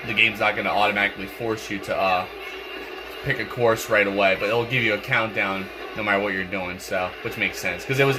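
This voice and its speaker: A young man, stuffy and congested, rambling through casual gameplay commentary with lots of fillers and repeated words. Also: lowish voice. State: congested, clearing throat. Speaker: gaming channel host. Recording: game music playing behind.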